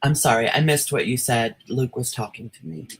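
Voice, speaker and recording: A woman's voice: very deep voice, moderate pace, gravelly, husky, low-quality recording. A woman hosting a livestream in casual chat, laughing often as she talks. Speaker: streamer host.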